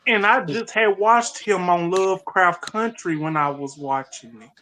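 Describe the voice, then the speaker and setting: Woman, casual chat, slangy, laughing, animated storyteller, video call. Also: on the low side, unhurried.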